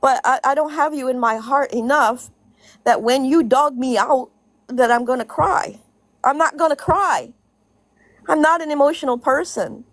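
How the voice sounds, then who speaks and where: A woman's voice: high voice, normal speed, no room sound. A woman in a casual vlog rant, blunt and profane, repeating her points for emphasis and laughing between them. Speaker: social media commentator.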